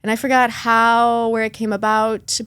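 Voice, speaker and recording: A woman in her thirties, a podcast guest telling a personal story in casual conversation, lively and often laughing as she acts out her past thoughts. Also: a little high, normal speed, smooth, no echo.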